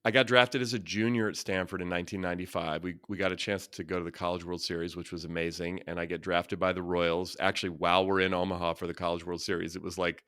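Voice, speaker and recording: A man around fifty from Northern California, a former baseball player telling lively, earnest stories as a podcast guest. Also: low-pitched, no echo, clean studio sound. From Northern California, USA. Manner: lively anecdotal storyteller, quick and earnest. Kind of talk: casual interview storytelling.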